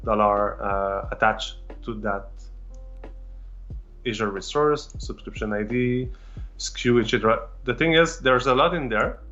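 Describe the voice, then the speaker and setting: A man's voice: fairly low pitch, a little slow, fairly bright tone, muffled recording, soft background music. A man whose first language is French, presenting a live technical demo with many fillers and restarts.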